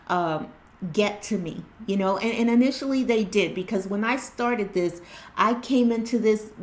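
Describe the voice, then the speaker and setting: A woman hosting her own spiritual tarot channel, talking earnestly and casually with many fillers and restarts. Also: medium pitch. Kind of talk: casual spiritual vlog chat. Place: indoors at home by natural light.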